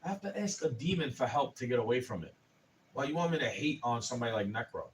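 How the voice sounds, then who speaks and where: A man's voice: mid-range voice, animated, quick pace, distant mic, a little hiss or hum, low-quality recording. A man in his twenties, ranting profanely and heatedly in a casual livestream. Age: 20s. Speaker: streamer.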